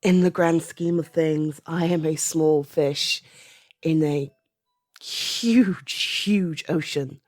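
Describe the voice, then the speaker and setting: British woman, 30s, audio creator: low voice, unhurried, soft and halting, drops to whispers, dry close sound. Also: fairly even intonation, dry recording. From Britain. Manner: soft-spoken, halting, often trailing into a whisper. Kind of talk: personal opinion monologue.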